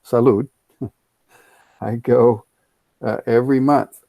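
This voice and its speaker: A man leads an online English lesson at an unhurried, careful pace, repeating key words so students can follow. His voice is gravelly, with a dry, close sound and no room echo. He explains grammar patiently and now and then offers a quick Spanish translation. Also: medium pitch, steady tone, dull audio. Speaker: ESL teacher. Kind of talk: online class teaching.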